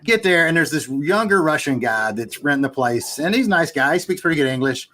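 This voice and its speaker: A man's voice: a little high, fairly quick. A man co-hosting a podcast, telling a personal anecdote in a chatty way. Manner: chatty, animated anecdote teller. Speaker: podcast co-host. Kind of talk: casual podcast storytelling.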